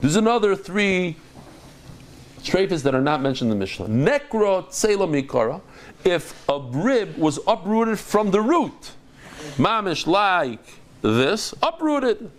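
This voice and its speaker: A man teaching a Talmud class, lively and acting out the dialogue. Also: measured pace. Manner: lively, acts out dialogue with big pitch jumps.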